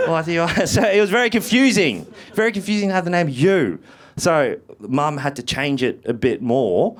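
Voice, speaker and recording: A man, performing a stand-up comedy routine with profane, animated storytelling and shouted punchlines. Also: on the high side, brisk. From Australia. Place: theatre stage with a live audience.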